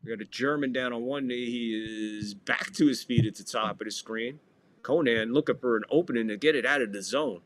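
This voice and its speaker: A man's voice: mid-range voice, a little fast, noisy background. A man hosting a podcast, giving casual live play-by-play of a football match, joking and playfully stumbling over foreign names. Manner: jokey, playfully mangles foreign words. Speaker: podcast host and commentator.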